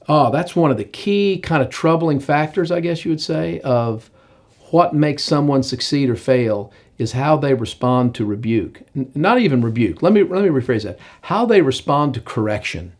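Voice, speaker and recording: Animated male preacher. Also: on the high side, normal speed. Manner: animated storytelling, acts out characters. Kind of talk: sermon.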